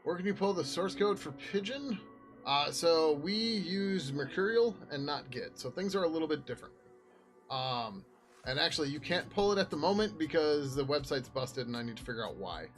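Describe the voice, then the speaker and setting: A man's voice: on the high side, expressive, normal speed, faint music behind. A man walking viewers through his code on a casual live stream, talking loosely, trailing off and restarting, and swearing now and then. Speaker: software developer streaming his work.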